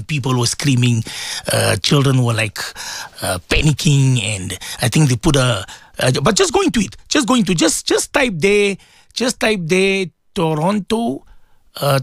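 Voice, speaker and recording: A man hosting a casual radio talk show as a Muslim cleric, rambling and repeating words with sudden jumps in pitch. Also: creaky, no room sound, studio quality.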